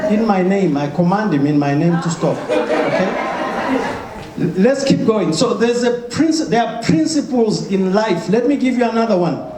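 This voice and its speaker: A man giving a motivational talk to a live audience, emphatic and often asking the crowd questions. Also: very high voice. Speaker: motivational speaker. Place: large hall with an audience. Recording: echoey hall with noise.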